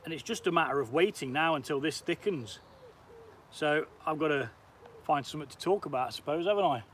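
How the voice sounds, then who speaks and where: A man's voice: fairly high pitch, animated, a little fast, fairly bright tone, slight background noise. A British man live-streaming as an outdoor cooking vlogger, chatting casually, swearing lightly and answering viewer comments as he cooks. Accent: British English. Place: outdoors, cooking on a camp stove.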